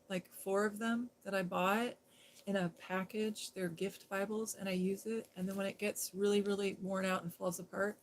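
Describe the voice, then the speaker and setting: A middle-aged woman streams live from her phone, talking casually to viewers in her chat. She giggles often, and her voice sits at an ordinary pitch for a woman. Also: slight background noise.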